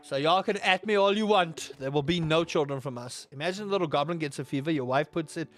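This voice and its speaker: A man streaming a game, telling rambling, animated stories with sudden loud outbursts. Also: fairly high pitch, quick pace, faint music behind. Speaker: gaming streamer. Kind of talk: casual stream chat while playing.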